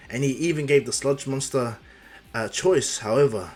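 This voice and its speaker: A man's voice: medium pitch, moderate pace, darkish tone, soft background music. A man casually narrating a fan-made superhero story, rambling with fillers and restarts.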